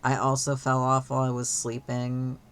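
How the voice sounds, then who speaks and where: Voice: mid-range voice, completely flat delivery, normal speed, a bit bright, a little hiss or hum. A streamer chatting casually while gaming, rambling with lots of fillers and freely swearing.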